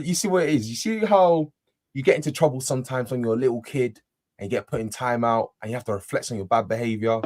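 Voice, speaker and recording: A young man talks fast on a fan panel show. He is animated and repeats his points over and over. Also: mid-range voice. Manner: animated, repeats himself, self-deprecating. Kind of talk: casual football fan chat.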